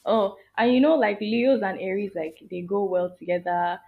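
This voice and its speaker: A woman's voice: mid-range voice, moderate pace. A woman guest in a casual podcast chat, talking emphatically and laughing often. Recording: tinny phone-like sound.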